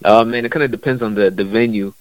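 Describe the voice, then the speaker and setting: Laid-back low-voiced man, dry sound. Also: steady tone, fast talker, no echo, rough recording. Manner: laid-back, loose slang with many fillers. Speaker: musician guest. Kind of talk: casual interview chat.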